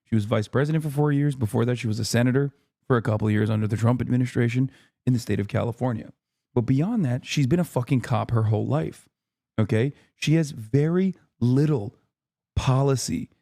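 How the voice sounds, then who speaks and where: A man's voice: mid-range voice, brisk, creaky, warm tone, no room sound, studio quality. A man in his thirties ranting at his live-stream chat, profane and exasperated, keeping his voice down so as not to wake a neighbor. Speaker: streamer reacting to a speech. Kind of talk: heated live-stream commentary.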